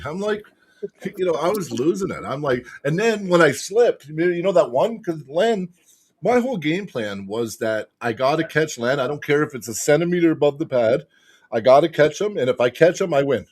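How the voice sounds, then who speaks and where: A man telling a match story as a podcast guest, excitable and swearing constantly. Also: fairly high pitch, slightly rough. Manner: excitable, profanity-heavy retelling. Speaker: podcast guest, arm wrestler. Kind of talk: casual storytelling chat.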